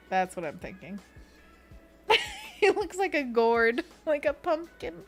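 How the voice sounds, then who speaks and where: A woman's voice: a little high, big pitch swings, slow pace, soft background music. Chatty young woman art streamer. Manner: chatty, giggly, jumps into playful bits. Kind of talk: casual livestream chat while painting.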